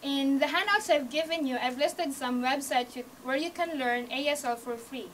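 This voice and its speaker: A high-pitched woman with a Hawaii accent gives an encouraging classroom speech, talking her listeners through each step. She is picked up by a camera across the room, set somewhat back from the mic, with a faint hiss underneath. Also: moderate pace, fairly bright tone, recorded from a distance, poor audio. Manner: non-native phrasing, small grammar slips. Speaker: student speaker teaching sign language basics. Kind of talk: classroom speech to a small audience. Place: university media room. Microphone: camcorder from across the room.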